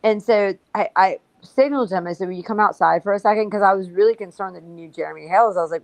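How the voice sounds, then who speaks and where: A woman's voice: medium pitch, fast, vocal fry, hardly any pauses, no room sound, rough recording. A woman telling her story bluntly and profanely in a casual livestream talk. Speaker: guest.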